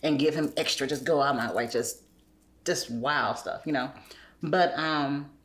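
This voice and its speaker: Give me a reflective woman with a deep, low voice. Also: measured pace, a bit bright. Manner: reflective, quotes her son's words. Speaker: podcast guest. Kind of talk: casual chat.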